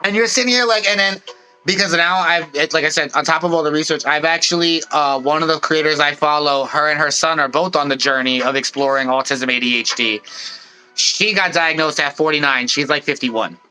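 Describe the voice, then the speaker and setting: Bright-voiced man rambling earnestly. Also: on the high side, brisk, poor audio. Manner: earnest, rambling explanations with many "literally"s. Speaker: podcast co-host. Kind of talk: casual podcast chat.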